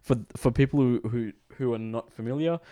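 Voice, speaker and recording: A man's voice: mid-range voice, a little fast, mellow, no room sound, studio quality. A man hosting a gaming podcast, running through news in an easygoing, chatty way. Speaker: podcast host. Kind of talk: casual gaming podcast chat.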